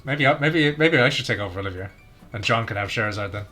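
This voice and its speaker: A man's voice: lowish voice, animated, fast, pushed and bright, faint music behind. A man streaming a video game, chatting casually with friends and teasing them, laughing often. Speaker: streamer playing and commentating. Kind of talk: casual chat while gaming.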